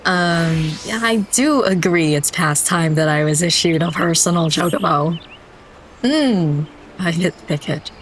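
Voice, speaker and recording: A woman's voice: on the low side, measured pace, faint music behind. A young woman reading game dialogue aloud during a playthrough, often breaking into laughter. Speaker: game streamer.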